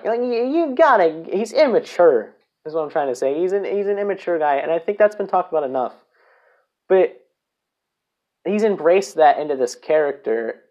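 A man's voice: medium pitch, a little mellow, muffled recording. A man hosting a casual solo podcast, rambling, swearing and correcting himself as he goes. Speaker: podcast host.

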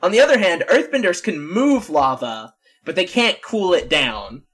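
Podcast co-host, casual chat, lively swooping pitch, long explanations, frequent laughs. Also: moderate pace. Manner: chatty, laughs often, explains at length.

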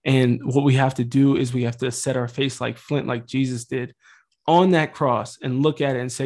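A man's voice: medium pitch, fairly even intonation, moderate pace, darkish tone. A man in his thirties hosting a Catholic podcast, talking about faith and suffering in a casual, earnest, rambling way with light swearing.

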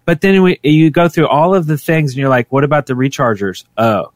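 A man co-hosting a podcast in casual chat, animated and laughing often. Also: brisk, dry recording. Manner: animated, laughs often, sound effects like "boom". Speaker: podcast co-host.

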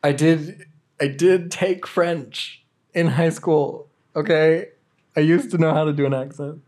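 A man co-hosting a podcast in casual chat, hesitant and giggly with deadpan asides. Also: on the high side, unhurried. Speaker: podcast co-host.

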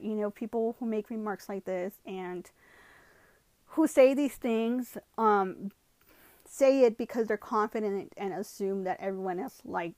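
A woman's voice: mid-range voice, darkish tone, no room sound. Chatty bilingual woman, dry sound. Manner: switches between English and Spanish mid-sentence; lots of "you know" and "like" fillers. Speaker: vlogger. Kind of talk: casual storytelling to camera.

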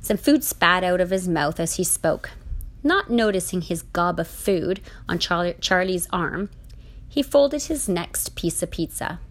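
A woman narrating a comic short story in a deadpan, unhurried way. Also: on the low side.

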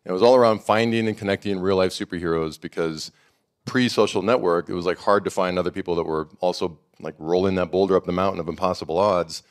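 Deep-voiced animated male storyteller. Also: fast talker. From Montana, USA. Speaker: founder of a summit and network. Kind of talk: panel storytelling.

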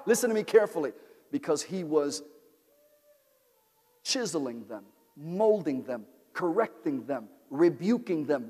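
High-voiced preacher man, ringing hall. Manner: call-and-response preaching, repeats phrases, rises to shouting. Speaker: pastor. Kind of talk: sermon.

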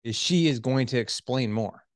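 On a podcast, a middle-aged relationship coach animatedly explains communication skills, acting out both his wife's voice and his own. His voice is medium-pitched and moderately paced. The studio recording is clean, with no echo.

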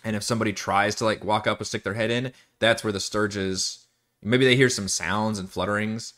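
Low-voiced man chatting casually. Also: fairly even intonation, moderate pace, a bit bright. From Texas, USA. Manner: rambling, restarts often, swears casually. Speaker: dungeon master streaming campaign prep. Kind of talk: casual live-stream chat, reading chat.

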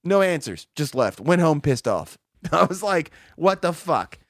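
A young man speaks in a slightly high voice, telling long, rambling stories packed with swearing and loose laughter. The sound is dry and close to the microphone, like a casual podcast chat between friends. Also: very animated, unhurried, no echo. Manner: profane, rambling storytelling with laughs.

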